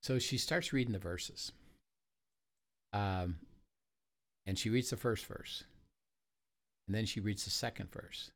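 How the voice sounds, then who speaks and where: Male retreat leader with a lowish voice, earnest and chatty, leaning on fillers as he recounts a story. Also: takes it slowly, long pauses, fairly bright tone. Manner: earnest, recounts exchanges with many "uh" and "you know". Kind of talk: conversational storytelling.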